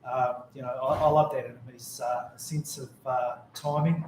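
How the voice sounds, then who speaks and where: A man with a New Zealand accent shares rambling, humorous stories in a memorial speech. His voice sits at a middle pitch for a man. The recording is very echoey, with a faint hum of ambience behind him. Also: steady tone, normal speed, a little mellow. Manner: rambling, jokey anecdotes. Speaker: mourner giving a tribute. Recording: very echoey room.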